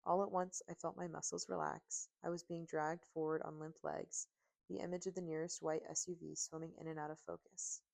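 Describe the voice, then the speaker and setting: A woman narrating a first-person audiobook in steady, emotive storytelling on a close mic. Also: deep voice, fairly quick, gravelly.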